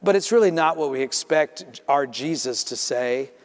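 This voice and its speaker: A man preaching a sermon as pastor, telling the story in a lively way and acting out the voices in it. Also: on the high side, normal speed. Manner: storytelling, acts out voices in quotes. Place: church sanctuary. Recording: reverberant church sanctuary.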